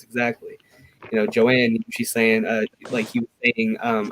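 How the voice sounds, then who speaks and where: A man's voice: medium pitch, level tone, normal speed. Man rambling through a story, faint noise. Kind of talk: casual chat.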